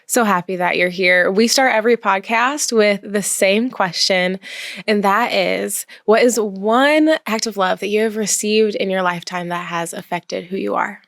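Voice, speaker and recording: A woman's voice: medium pitch, moderate pace, vocal fry, a bit bright, no room sound, studio quality. Effusive woman podcast host. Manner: effusive, eager. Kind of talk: casual podcast interview.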